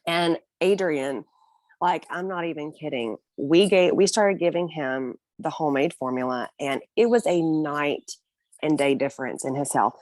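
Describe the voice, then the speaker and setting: A woman's voice: low-pitched, animated, moderate pace, a little mellow, no echo. A young woman guest in a casual interview, telling her own story earnestly and emotionally, often breaking into small laughs.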